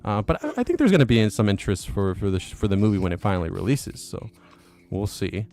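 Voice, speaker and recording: Male stream host, low voice, easygoing, reads chat aloud. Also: quick pace. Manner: relaxed, chuckles between comments. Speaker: livestream host. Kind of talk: casual livestream chat reading viewer comments.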